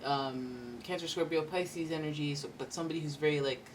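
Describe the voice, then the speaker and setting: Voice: medium pitch, steady tone, a little fast, far from the mic, a little hiss or hum. A tarot reader giving a casual, rambling reading with playful asides.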